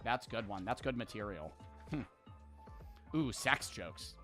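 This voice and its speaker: A man's voice: fairly low pitch, animated, unhurried, bright, forceful tone, soft background music. A man streaming, reading jokes aloud from a book and chatting about them with small laughs.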